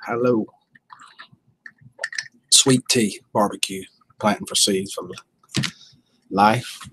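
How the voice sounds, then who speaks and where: A man's voice: fairly low pitch, steady tone, takes it slowly, background noise. A man, hosting a casual livestream and reading out and answering viewer comments in a folksy way. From Southern United States. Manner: folksy, reads chat comments aloud. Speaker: livestream host.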